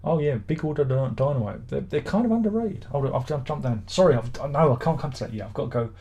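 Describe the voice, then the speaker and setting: A man's voice: mid-range voice, lively intonation, fast, warm tone, husky. Middle-aged man, live-stream host, casual rambling chat, sardonic grumbles, mock exasperation. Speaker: livestream host reading viewer comments.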